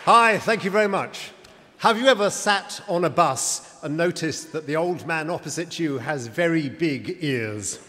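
A man from the UK delivers a wry, humorous acceptance speech like a little story. His voice is a touch higher than average. It echoes in a big hall with faint noise. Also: expressive, a little slow, sharp tone. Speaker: prize winner giving speech.

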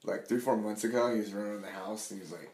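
Deep-voiced man, rambling and profane. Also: racing, darkish tone. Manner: rambling, profane, says "like" a lot. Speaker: returning podcast guest. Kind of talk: casual chat. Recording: echoey room.

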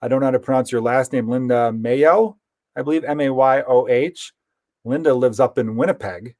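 A man's voice: medium pitch, normal speed, darkish tone, no echo, studio quality. A man hosting a podcast in casual chat, easygoing and rambling with lots of fillers. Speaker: podcast host.

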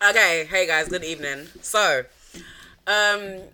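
A woman co-hosting a casual true-crime podcast, chatty and quick to laugh, with lots of "like" and "um". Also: on the low side, pushed and bright, clear, resonant tone. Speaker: podcast co-host.

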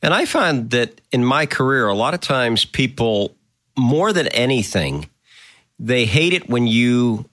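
A man's voice: medium pitch, very animated, measured pace, a bit bright. A man hosting a conversational interview, thinking aloud and rephrasing what his guest says. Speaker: interview host.

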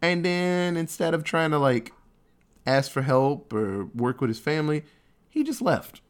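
A man's voice: a little high, sing-song, a little slow. A man recapping a movie in casual chat, rambling and swearing freely. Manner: rambling, profane, storytelling.

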